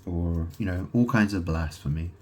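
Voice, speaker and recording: In a low, warm voice at a moderate pace, a man who calls himself a god vlogs straight to camera. His monologue rambles, full of swearing and repetition, and he keeps breaking off, starting over, and throwing rhetorical questions at the viewer.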